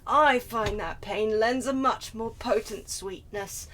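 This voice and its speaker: Fields: A woman voicing a gloomy vampire scholar, reading his journal aloud in a flat, half-hearted way. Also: on the high side, slow pace, a little hiss or hum. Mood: brooding.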